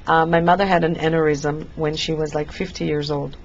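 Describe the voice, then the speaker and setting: A woman's voice: low-pitched, flat delivery, fairly quick, muffled recording, a little hiss or hum. A middle-aged woman hosting a talk show, chatty and affirming, telling personal stories with many restarts.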